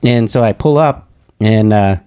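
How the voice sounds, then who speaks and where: A man's voice: lowish voice, unhurried, dark tone, clean tone. A man co-hosting a casual comedy podcast, telling a rambling story and acting out the voices of the people in it. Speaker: podcast co-host.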